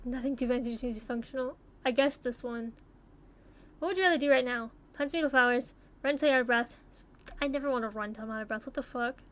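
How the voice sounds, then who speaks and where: Young woman with a high voice, rambling and cursing casually thru quizzes. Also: fast talker, fairly bright tone. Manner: chatty, swears casually, muses aloud. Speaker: YouTuber taking online quizzes. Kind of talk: casual commentary while playing.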